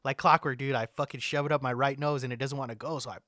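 A man's voice: mid-range voice, fairly even intonation, fast, sharp tone, no room sound, clean studio sound. Swearing, ranting podcast guy. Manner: ranting, heavy swearing, lots of filler likes. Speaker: podcast co-host. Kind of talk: casual chat.

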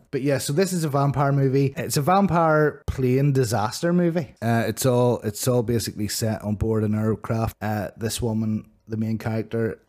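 A man's voice: medium pitch, moderate pace, darkish tone. A man hosting a casual film review chat, talking in a rambling way with frequent restarts. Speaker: movie review podcast host.

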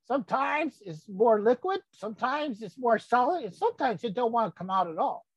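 A woman's voice: a little high, animated, moderate pace, husky, no echo, rough recording. A woman voicing a cranky, rambling old grandfather who gets sidetracked in a folksy comic monologue. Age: older. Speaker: comedy character host.

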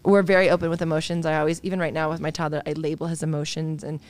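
A woman's voice: low-pitched, level tone, racing, dry recording. A woman in her thirties, a psychologist guest on a podcast, talking earnestly and openly in a candid interview. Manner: earnest, open and reflective, with soft laughs.

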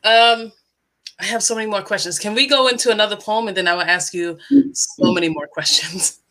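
A woman hosting an interview who talks in an excitable, gushing way. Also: mid-range voice, a little fast. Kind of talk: casual interview.

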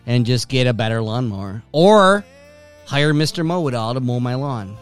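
A man's voice: mid-range voice, animated, moderate pace, smooth, faint music behind. A middle-aged man hosting a casual chat, laughing often and swearing freely. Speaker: podcast host.

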